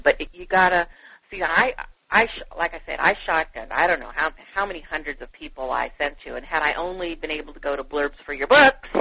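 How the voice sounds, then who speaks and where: Woman, author guest, effusive, chatty, many fillers, muffled lo-fi sound. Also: low voice. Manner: animated, effusive, lots of "you know" fillers. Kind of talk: chatty interview storytelling. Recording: dull, dry lo-fi radio audio.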